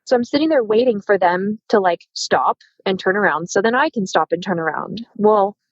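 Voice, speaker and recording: A woman's voice: medium pitch, normal speed, no echo, highs cut off. A woman in her thirties telling a dramatic personal story in casual conversation, acting out the voices of the people in it. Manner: animated, acts out quoted dialogue. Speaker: podcast guest.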